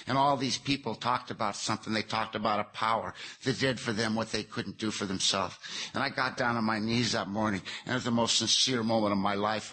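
A man's voice: medium pitch, pushed and bright. A man giving a personal recovery testimony, earnest and plainspoken with folksy phrasing. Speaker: speaker sharing his recovery story.

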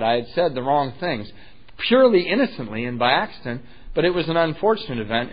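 At a meeting, a middle-aged AA speaker shares his personal recovery story in a voice on the high side. He is animated and joking, acting out voices in the story and laughing at his own jokes, and the recording is dull and lo-fi.

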